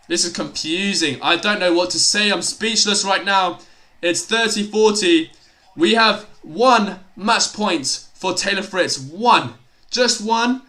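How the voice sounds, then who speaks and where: A young man calling a tennis match live on a stream, his voice pitched high and bright. He bursts into loud exclamations at big points and talks in a loose, chatty way in between. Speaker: livestream tennis commentator. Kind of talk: excitable live play-by-play commentary.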